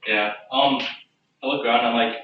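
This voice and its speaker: A man's voice: mid-range voice, steady tone, a little fast, slight background noise. A man playing a tabletop game, talking in a hesitant, restarting way. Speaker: player. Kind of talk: tabletop role-play. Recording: echoey, distant, dull room recording.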